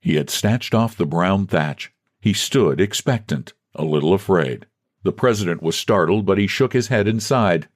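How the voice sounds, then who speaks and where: A man narrates a classic thriller in a measured storytelling way. His pitch moves expressively through the lines. The recording is dry and close. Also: very animated, no room sound. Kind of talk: scripted narration.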